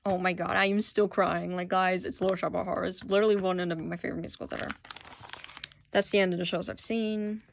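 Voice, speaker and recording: Her lowish voice stays fairly flat in pitch, with a creaky quality and a quick pace, and there's slight background noise. She's a vlogger casually talking into her phone, enthusing as she displays her playbills.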